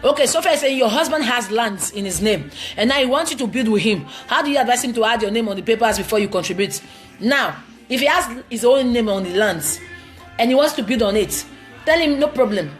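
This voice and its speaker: A fairly high-voiced woman with a Nigerian accent answers viewers live, blunt and preachy, hammering each point home. Faint music plays softly behind her. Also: animated, brisk. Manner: blunt, emphatic and preachy, with broken phrasing. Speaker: relationship advice vlogger.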